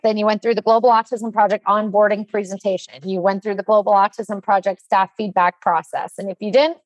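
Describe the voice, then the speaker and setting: A woman in her forties speaking as a nonprofit leader in casual podcast talk, animated and chatty with lots of fillers. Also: mid-range voice, dry recording. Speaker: nonprofit leader announcing trainings.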